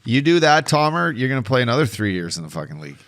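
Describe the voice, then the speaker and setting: Mid-pitched, blunt hockey podcast co-host, a man with a steady everyday voice. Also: fast. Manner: blunt, profane, opinionated. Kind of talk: casual sports chat.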